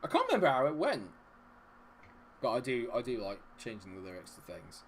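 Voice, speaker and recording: A young adult man hosting a live gameplay stream, chatting with viewers and cheering loudly at the game. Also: mid-range voice, huge pitch swings, a little fast, background noise. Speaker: gaming livestream host. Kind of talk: live gameplay commentary and chat reading.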